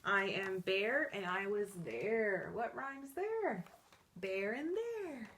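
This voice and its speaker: Lively, slow-paced storytime librarian woman. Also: medium pitch, slight background noise. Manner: animated sing-song delivery, with gasps and counting along. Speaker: children's librarian. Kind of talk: reading picture books aloud to young children.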